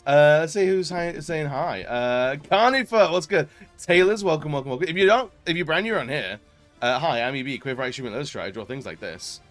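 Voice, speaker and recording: Over soft background music, a variety streamer with a fairly high-pitched voice talks briskly to his live audience. He's chatty and laughing, welcoming chat warmly and filling his speech with fillers.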